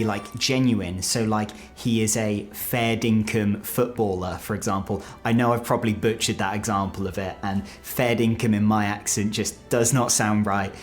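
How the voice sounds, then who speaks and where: A British man presenting an explainer video, animated and playful, sometimes dropping to a low confiding voice. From Britain. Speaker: presenter explaining Australian slang.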